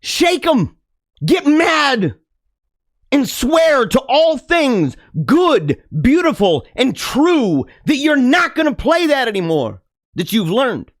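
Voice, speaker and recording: Guy ranting like a preacher, high voice that swoops all over, laughs a lot, dry close sound. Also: sing-song, slow, no room sound. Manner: preachy, dramatic, laughs often, swings from loud to hushed. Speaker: podcast host. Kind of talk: impassioned monologue.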